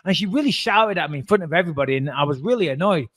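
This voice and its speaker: A man co-hosting a podcast, telling a story in a casual, animated way, swearing freely and acting out the voices of the people he quotes. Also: fairly high pitch, rapid-fire, no echo. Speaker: podcast co-host.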